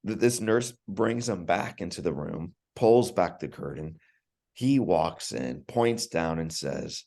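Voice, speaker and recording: His deep voice is animated, creaky and dark in tone, and he speaks slowly. Guesting on a podcast, the man relates a personal story in an earnest, emotional way, repeating words whenever he restarts.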